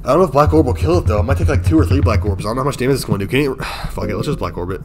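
A man streaming a horror game, chatting casually with his viewers, swinging from mumbled muttering to loud outbursts and swearing often. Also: mid-range voice, racing, very noisy. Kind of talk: casual live gameplay commentary. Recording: loud game music behind the voice.

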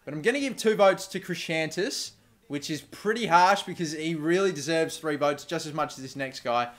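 Excitable young man shouting at a football game. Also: fairly high pitch, normal speed. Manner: excitable, swears, shouts at players. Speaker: gaming YouTuber. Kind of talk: gameplay commentary.

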